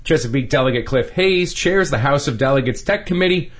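A man reporting a news story for radio, with clear, measured scripted narration. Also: mid-range voice, expressive.

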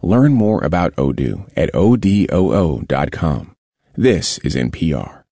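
A man reading a radio sponsor announcement in a smooth, polished way. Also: a bass voice, sing-song, unhurried, mellow.

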